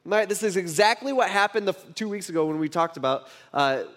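A man's voice: high-pitched, lively intonation, a little fast, a bit bright. A man preaching a sermon in a conversational way, often repeating words and asking his listeners questions. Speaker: pastor.

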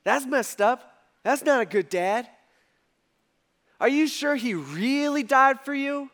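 A man's voice: extremely high pitch, expressive, slow, fairly bright tone, voice pushed up, full character voice. A man voicing Satan as a casual, coaxing tempter who plants doubt with questions. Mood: needling. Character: sly male Satan, smooth tempter.

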